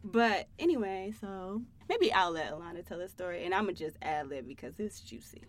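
A woman co-hosting a casual motherhood podcast, animated and playful. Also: on the low side, a little fast. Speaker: podcast co-host. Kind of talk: casual chat.

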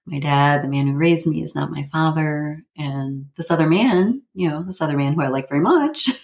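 A woman in her fifties telling a personal story, halting with frequent fillers and nervous little laughs. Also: sits low, darkish tone. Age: 50s.

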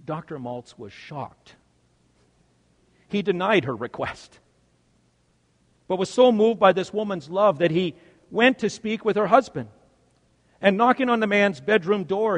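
Male pastor, high-pitched, dramatic sermon delivery with loud peaks and quiet drops, long church reverb. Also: expressive, measured pace, pauses often. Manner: dramatic swings from loud emphasis to hushed quiet.

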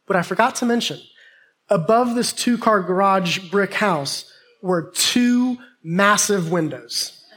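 Man telling a funny story in a sermon. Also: sits high. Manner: animated, humorous storytelling to a congregation. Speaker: pastor.

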